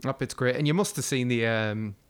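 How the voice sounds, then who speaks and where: A man's voice: mid-range voice, fairly quick, clean tone. A young man co-hosting a casual chat, swearing freely and telling stories with acted-out quotes. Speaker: podcast co-host.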